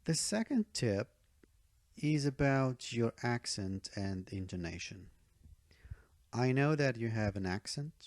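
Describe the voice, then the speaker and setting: Slow gravelly man teaching test tips. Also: medium pitch, big pitch swings, darkish tone, no room sound. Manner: emphatic, checks in with "okay?" and "all right?"; repeats key advice for emphasis. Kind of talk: online speaking-test tutorial.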